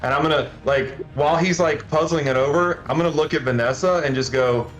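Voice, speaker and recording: A man's voice: on the high side, a little fast, faint music behind. Man playing a tabletop game, roomy sound. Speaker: player. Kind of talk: casual tabletop play.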